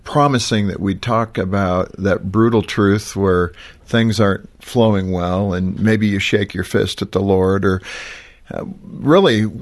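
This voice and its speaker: A man hosting a faith talk show, asking probing questions with many fillers. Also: on the low side. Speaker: host.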